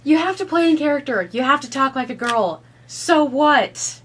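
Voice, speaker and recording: A man's voice: very high voice, lively intonation, moderate pace, fairly bright tone, slight background noise, pitched above the performer's own voice. A man voicing an exasperated fellow board-game player who complains and objects in disbelief. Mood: incredulous. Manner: incredulous, complaining.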